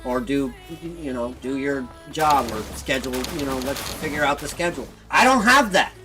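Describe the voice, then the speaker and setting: A man hosting a gaming channel, ranting heatedly and with lots of swearing about his personal troubles, flipping between bitter muttering and loud outbursts. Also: medium pitch, expressive, normal speed, rough recording. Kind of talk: venting casual rant. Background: faint background music.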